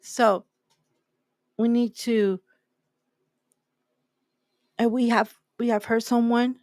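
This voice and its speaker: A woman gives a faith talk in an emphatic, preaching style and drives her points home by repeating them. Her voice sits on the higher side, and the sound is close and dry with no room echo. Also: little pitch movement, slow pace, darkish tone. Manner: emphatic, repeats key phrases. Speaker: host.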